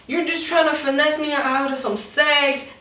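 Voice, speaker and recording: A drunk, defiant young woman snapping back in a shrill, raised voice, put on by a woman telling the story. The sound is roomy and echoing, caught from some distance away from the mic. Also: fairly even intonation, moderate pace, sharp tone. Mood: accusing.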